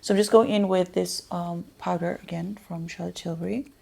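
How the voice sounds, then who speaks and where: A woman with a fairly low, gravelly voice talks casually through a makeup tutorial. She rambles and drifts into soft muttered asides. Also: fairly even intonation, a little fast. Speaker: beauty vlogger.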